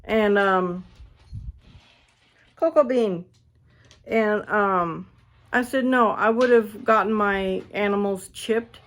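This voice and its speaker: Woman, vlogger, casual rant, swears a lot, animated, phone mic, indoors. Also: mid-range voice, takes it slowly, pauses often. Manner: blunt, swears freely, animated. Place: friend's house, indoors.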